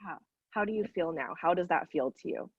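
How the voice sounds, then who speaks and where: Woman coach on a video call, breathy low voice, emphatic and encouraging, dull dry audio. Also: lively intonation, no room sound. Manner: encouraging, emphatic, slows down to stress key phrases. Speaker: business coach. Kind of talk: live group coaching call.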